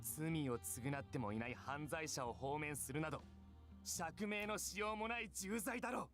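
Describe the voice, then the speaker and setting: A man's voice: a little high, fast, a bit bright, soft background music, natural voice. Roberto, a man voicing a stern angry policeman. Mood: restrained anger. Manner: clipped, accusing, holding in anger. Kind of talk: Japanese video game voice acting.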